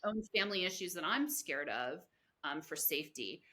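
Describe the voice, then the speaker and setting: A woman's voice: low-pitched, lively intonation, moderate pace, pushed and bright. A woman hosting a podcast interview, effusive and rambling with lots of filler. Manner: effusive, rambling, heavy on "you know". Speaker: podcast host. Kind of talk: conversational interview.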